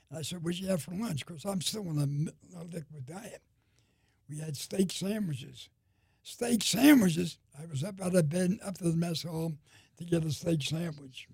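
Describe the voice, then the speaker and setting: Older man with a gravelly, husky voice. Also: fairly high pitch, dark tone, dry recording. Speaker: war veteran. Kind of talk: oral history recollection.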